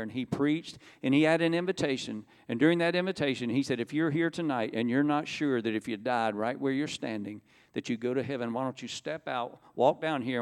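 A man preaches his testimony from a church pulpit, his voice gravelly and worn at the edges. He moves the story along by playing each voice in it himself. The sound carries a long reverb from a large hall. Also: medium pitch. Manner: storytelling, emotional retelling with quoted dialogue. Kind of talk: sermon testimony.

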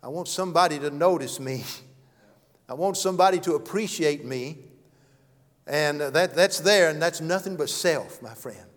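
A man preaching a sermon and telling stories, earnest, swinging from loud to hushed. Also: a little high, moderate pace. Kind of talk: sermon with storytelling. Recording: long hall reverb.

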